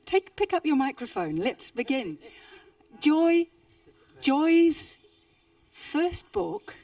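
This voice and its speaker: A woman's voice: high-pitched, sing-song, very slow, a little mellow, far from the mic. Enthusiastic New woman moderator. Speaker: interview moderator. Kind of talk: stage interview. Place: stage at a book fair.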